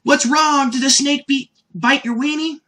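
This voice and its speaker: A man voicing an excitable, naive young boy hero who talks in a high, yelling, innocent way. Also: a little slow, slight background noise, heavily acted. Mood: curious.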